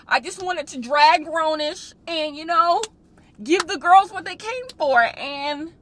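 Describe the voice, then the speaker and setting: A woman's voice: very high voice, lively intonation, slow pace, a bit bright. A young woman vlogging from her car on a dashboard camera, talking in a dramatic, mock-tearful way. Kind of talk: casual car vlog. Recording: faint car noise. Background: car noise.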